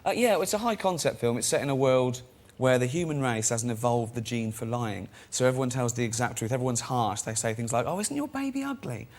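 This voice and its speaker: A man's voice: mid-range voice, brisk. A man, a guest on a chat show, telling self-deprecating stories and acting out the voices of people in them. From England. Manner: self-deprecating, acts out quoted voices, laughs at own stories. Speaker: guest comedian and director.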